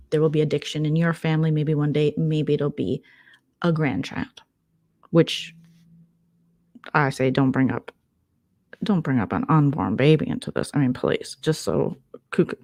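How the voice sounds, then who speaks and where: A woman's voice: sits low, a little slow, pauses often, darkish tone. A woman hosting a vlog, chatting casually with a sarcastic, chatty manner. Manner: sarcastic, chatty, tangent-prone. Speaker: vlogger host. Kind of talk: casual gossip commentary.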